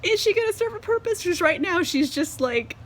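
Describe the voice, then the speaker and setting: This book vlogger has a very high, expressive voice and speaks fairly quickly. A little drunk on wine, she reviews a book casually in front of a tripod-mounted camera, giggling, rambling with fillers and cursing.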